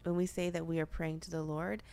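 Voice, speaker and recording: A woman's voice: sits low, little pitch movement, fairly quick, gravelly, dark tone. A young woman hosting a podcast, talking earnestly about faith in a chatty way, full of filler words. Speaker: podcast host. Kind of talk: casual faith discussion.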